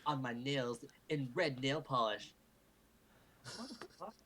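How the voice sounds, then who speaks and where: A man reads a story aloud for a live group stream with a bright, forceful tone. He hams up the lines, then breaks off for a joke or a curse. There is a faint hiss behind him. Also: medium pitch, animated, slow pace, rough recording. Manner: mock-dramatic, breaks off to joke and swear. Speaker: group reader. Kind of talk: comic reading aloud of fan fiction. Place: home recording for a livestream.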